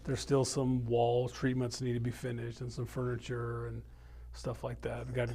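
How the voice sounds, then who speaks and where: Chatty male host, mid voice, relaxed and friendly banter. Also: medium pitch, normal speed, creaky. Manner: upbeat, chatty, many fillers. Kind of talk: casual podcast chat. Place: small office studio.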